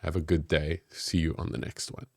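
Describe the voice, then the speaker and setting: A man's voice: very deep voice, flat delivery, moderate pace, no room sound. A man giving friendly, encouraging instructions for an improv exercise in a tips video. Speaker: game master and improv teacher.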